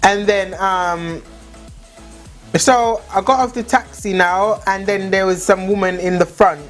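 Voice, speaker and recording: A woman's voice: medium pitch, fairly even intonation, unhurried, faint music behind. A young woman telling a story in a chatty way, many "like" fillers. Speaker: vlogger. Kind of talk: casual storytime chat.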